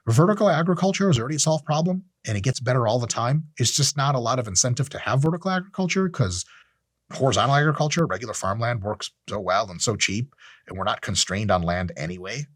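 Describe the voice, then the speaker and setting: A man's voice: lowish voice, dry recording, studio quality. A man hosting a podcast, talking casually in a blunt, profane, opinionated way. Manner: animated, acts out quoted voices. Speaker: podcast host. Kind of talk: casual monologue.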